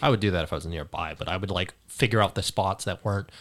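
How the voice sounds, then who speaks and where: A man's voice: sits low, fast, a crowd in the background. A man co-hosting a casual chat, jokey and crude, given to rants. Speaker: podcast co-host.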